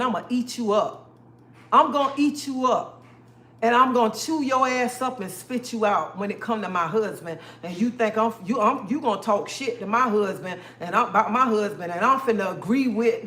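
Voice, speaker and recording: A woman's voice: a little high, a bit bright, a little hiss or hum. A woman hosting a live stream, talking straight to her viewers in an emphatic, repetitive way and calling them honey and baby. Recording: echoey room.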